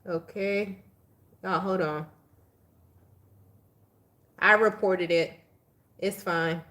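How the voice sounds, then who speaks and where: A woman doing a casual live tarot reading, chatty and animated, laughing as she talks to viewers. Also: lowish voice, drawn-out words. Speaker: tarot reader.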